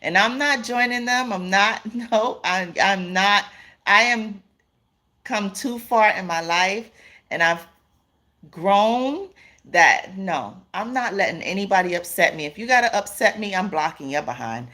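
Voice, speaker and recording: A woman's voice: medium pitch, animated, unhurried, pushed and bright. A woman hosting a casual live stream, reading viewer comments aloud, laughing often and calling her viewers "y'all" and "honey".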